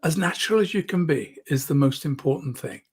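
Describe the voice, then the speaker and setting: A man's voice: fairly high pitch, animated, a little fast, slightly rough. A man teaching public speaking in an online lesson, demonstrating shifts in volume and emphasis close to the microphone. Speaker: speaking coach. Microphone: close microphone, moves in and out.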